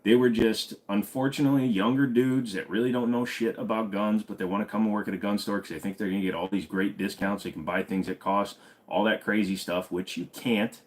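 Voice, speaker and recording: A man's voice: lowish voice, fairly even intonation, a little fast. A man hosting an unscripted live stream, chatting and joking casually, greeting viewers by name and rambling on. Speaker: livestream host of a gun channel.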